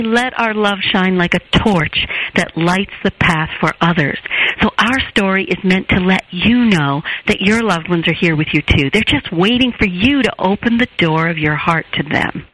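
A woman therapist, a radio guest, telling a personal story with lively, expressive delivery and acted-out quotes. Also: husky, poor audio. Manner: expressive, acts out quoted voices with big pitch jumps. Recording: radio show.

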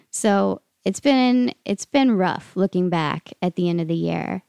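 A woman hosts a podcast, reading scripted narration with wry, self-mocking humor. Her voice is smooth yet heavily gravelly. The recording is dry and close. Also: fairly low pitch, lively intonation, slow, a little mellow, dry recording. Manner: plain-spoken, wry and self-deprecating. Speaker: podcast host.

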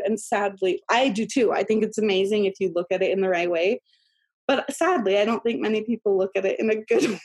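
A woman in her thirties, appearing as a podcast guest, shares a personal story during an interview. Her voice sits in the middle range, and she talks in a chatty, lively way, full of fillers and laughter.

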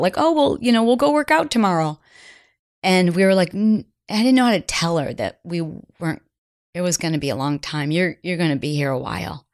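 A middle-aged woman hosting a podcast, telling a personal story in an earnest, confiding way that sometimes drops to a near whisper. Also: on the low side. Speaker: podcast host.

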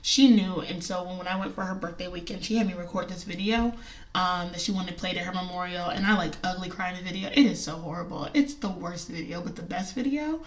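A woman's voice: fairly low pitch, fairly quick, recorded from a distance. A woman in her thirties telling a personal story in casual talk, chatty and emotional, with many fillers and frequent laughs.

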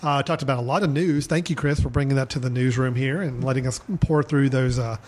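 A man's voice: medium pitch, fairly even intonation, brisk, darkish tone. A man hosting a casual film podcast, talking in an upbeat, loose, chatty way. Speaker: podcast host.

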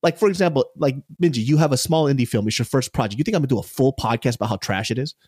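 A man's voice: medium pitch, racing, slightly rough, dry recording, studio quality. A man hosting a podcast, talking bluntly and casually with lots of swearing. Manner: blunt, profane and animated. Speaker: podcast host.

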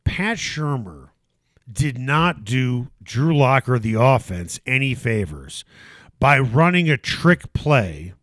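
A man's voice: mid-range voice, takes it slowly, no echo. Ranting sports radio man, dry sound. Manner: animated, ranting, mocking impressions. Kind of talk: sports talk radio debate.

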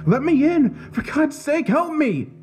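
A panicked young man pounds on a door and pleads in a shrill, strained cry pitched far above his normal voice, as a male storyteller puts him on. His tearful voice climbs and swoops as he begs. It sounds thin and pushed, as if from the far side of the door. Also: big pitch swings, a little slow, music in the background, heavily acted. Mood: desperate pleading. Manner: frantic, desperate shouting.

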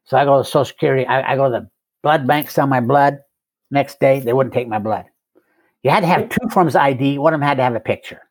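An older man telling a long personal story in a relaxed, conversational way, with a dry, self-mocking humor and chuckles between the lines. His voice sits at a middle pitch, and the sound is close and dry, with no room around it. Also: fast talker, no room sound. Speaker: guest sharing recovery story.

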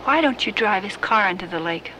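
An actress playing a gentle pacifist teacher, heard in a movie clip. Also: female voice, medium pitch, animated, brisk, slight background noise, poor audio. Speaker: film character.

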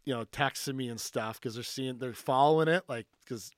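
Male podcast guest, animated, filler-heavy storyteller, dry close sound. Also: medium pitch, brisk, dry recording. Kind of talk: casual storytelling.

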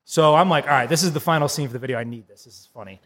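A man co-hosting a casual podcast, telling an animated story, laughing often and acting out what people said. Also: a little high, very fast, big-room sound. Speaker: podcast co-host.

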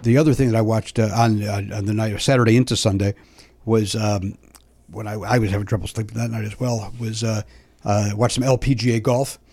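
A man co-hosting a podcast in casual chat, an animated storyteller who swears casually. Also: on the low side, fairly quick. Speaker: podcast co-host.

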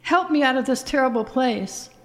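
A woman's voice: sits high, lively intonation, normal speed. A woman voicing a woman turned into a small sparrow, begging strangers for help in a pleading voice.

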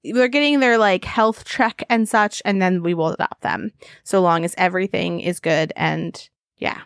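A woman's voice: on the low side, fairly even intonation, normal speed, no room sound. Woman podcast co-host, laughs a lot, playful riffing, dry sound. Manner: giggly, playful, rambling. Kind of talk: casual chat.

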